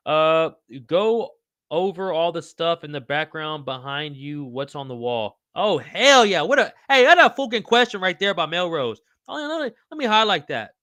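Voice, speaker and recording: A man's voice: fairly high pitch, bright, forceful tone, no room sound. A man hosting a casual livestream podcast, reading chat aloud in a loose, slangy, profane way. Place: home room with wall signs.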